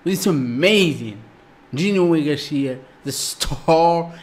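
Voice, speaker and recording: A man, not an English speaker, excitedly reacting to a music video in broken English with lots of exclamations. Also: a little high, takes it slowly.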